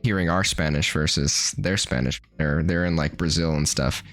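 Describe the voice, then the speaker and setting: Low-voiced young man, profane and joking. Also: normal speed, a bit bright, faint music behind. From New Mexico, USA. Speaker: podcast co-host. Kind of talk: casual chat.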